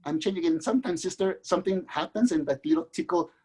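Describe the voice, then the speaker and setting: A middle-aged man from Mexico, a guest author, telling his own life story in an earnest, halting way with many restarts. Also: sits high, mellow, breathy edge. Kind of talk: candid personal storytelling.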